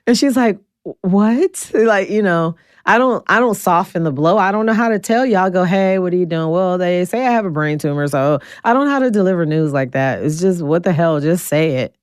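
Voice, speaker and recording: A woman in her forties talks bluntly and with energy, a straight shooter retelling her story for an interview. Her voice sits low and smooth, recorded dry and close. When she quotes people, her pitch leaps sharply upward. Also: a little fast, hardly any pauses, dry recording. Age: 40s. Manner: blunt, animated, acts out quotes with big pitch jumps. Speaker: guest.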